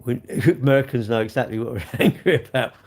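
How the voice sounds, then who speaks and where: A man's voice: medium pitch, quick pace, a little mellow, a little hiss or hum. A man chatting casually on a live stream, answering his viewers in a rambling, sarcastic way with lots of tag questions.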